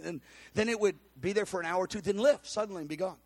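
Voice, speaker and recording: A man telling a personal testimony in an animated storytelling manner, acting out the quotes with cries and laughs. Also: sits high, racing.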